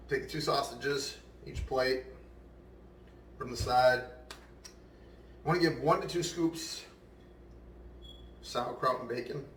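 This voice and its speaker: A man's voice: medium pitch, roomy sound, a little hiss or hum. A man hosting a casual home cooking show, chatting straight to his viewers.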